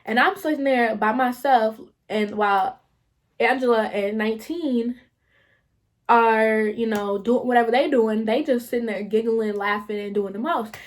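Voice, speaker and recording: A young woman vlogger telling a story in a casual, slangy, animated way, swearing freely. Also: a little high, measured pace.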